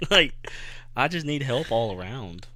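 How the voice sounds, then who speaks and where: A man's voice: medium pitch, very animated, slow, sharp tone, no echo. A man in his thirties co-hosting a podcast, telling crude, self-mocking stories in casual comedic chat. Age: 30s. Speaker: podcast co-host.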